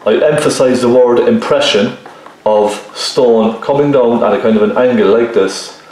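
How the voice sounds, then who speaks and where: A painting teacher leads a relaxed tutorial, talking viewers through each step and checking in with them often as he works. He has a mid-range voice, and the room is very echoey.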